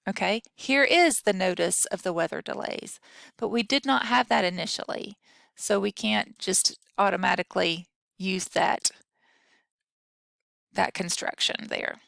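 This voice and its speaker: A woman's voice: medium pitch, unhurried, gravelly, fairly bright tone, no echo, studio quality. A woman instructor giving a recorded grammar lesson, explaining patiently and talking through example sentences aloud.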